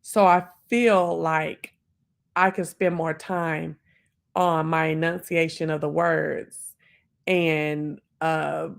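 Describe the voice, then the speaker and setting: Here the same sort of live-stream host, a woman in her forties, muses on the poem in a chatty way, with frequent fillers and brief tangents. She speaks low and creaky, with little pitch movement.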